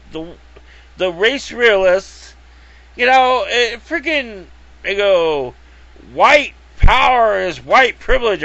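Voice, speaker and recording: A man's voice: fairly high pitch, a bit bright, muffled recording. A man ranting casually to camera in a rambling, profane way, full of fillers and acted-out quotes. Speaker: video blogger.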